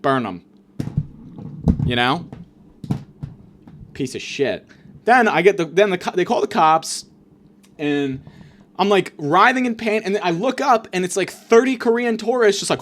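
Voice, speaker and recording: A man's voice: high-pitched, very animated, moderate pace. A man telling a profane comic story in a stand-up style, exasperated and mocking.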